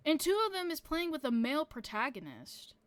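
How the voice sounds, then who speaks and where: A woman's voice: high voice, big pitch swings, brisk, no echo. A woman streamer chatting casually to her viewers, rambling with lots of fillers and casual swearing.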